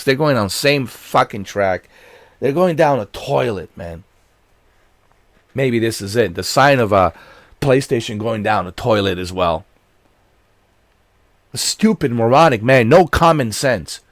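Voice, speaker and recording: Angry gaming-channel ranter, male, wildly swinging pitch, dry close sound, profane outbursts. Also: expressive, unhurried, pauses often, no echo. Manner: profane, shouting in bursts. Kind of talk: angry rant commentary.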